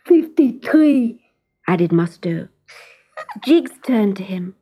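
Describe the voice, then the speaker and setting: A woman reading a children's storybook aloud, gentle and expressive, often dropping into a whisper. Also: mid-range voice, unhurried, husky, no echo.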